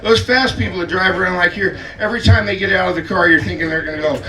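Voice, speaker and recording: Animated stand-up comic in an echoey club. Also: male voice, sits high, quick pace. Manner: animated storytelling, acts out scenes. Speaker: stand-up comedian. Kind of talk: stand-up comedy set. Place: comedy club stage. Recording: echoey club from far off, loud audience laughter.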